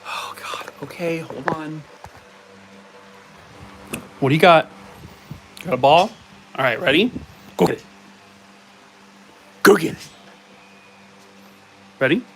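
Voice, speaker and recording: A man's voice: fairly high pitch, measured pace, long pauses, a little hiss or hum. Rambling man chatting on a live stream. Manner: rambling, heavy on "like" and "uh" fillers; breaks off to talk to his dogs in a playful pet voice. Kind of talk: casual live-stream chat.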